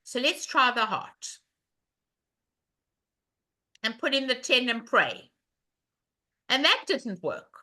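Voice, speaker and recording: A woman's voice: fairly high pitch, very animated, takes it slowly, pauses often, bright, forceful tone. A woman teaching a live online bridge lesson, walking through a hand in a chatty way and asking the class questions as she goes.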